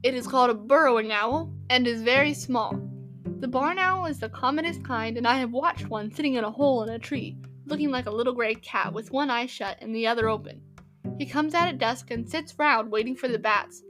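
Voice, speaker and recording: A woman voicing a careful young boy reading a school composition in a slow, deliberate way. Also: on the high side, a bit bright, faint music behind, lightly acted. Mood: earnest.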